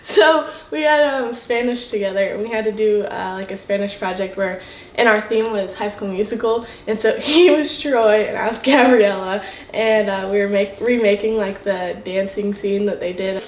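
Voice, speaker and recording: A woman's voice: mid-range voice, moderate pace, echoey room. A young woman recalling a school memory in a documentary interview, giggling bashfully. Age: young adult.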